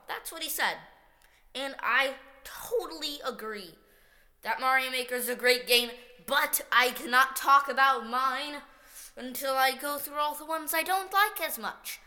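Slow, bright-voiced woman vlogger. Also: high-pitched. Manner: chatty and upbeat. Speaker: video host. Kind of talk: casual game-ranking vlog. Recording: echoey room with long reverb.

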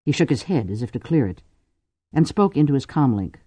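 A man narrating a novel in a measured, dramatic audiobook reading. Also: mid-range voice, very animated, dark tone, dry recording. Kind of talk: scripted narration.

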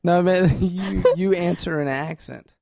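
Low-voiced teasing woman podcaster. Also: moderate pace, vocal fry, warm tone, dry recording, clean studio sound. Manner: playful, teasing, laughs often. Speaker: podcast co-host. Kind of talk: joking casual banter.

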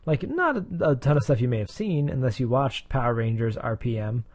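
A man with an ordinary mid-range voice, recorded dry and close with little room sound. He co-hosts a casual TV review podcast, rambling and hesitating as he goes, and is quick to poke fun at himself. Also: mid-range voice, sing-song, a little mellow, no echo. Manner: rambling, hesitant, self-deprecating. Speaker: podcast co-host.

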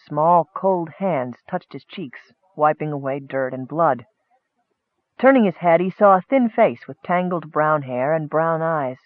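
A man giving measured scripted narration of a fantasy story. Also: fairly high pitch, no room sound, phone-quality sound.

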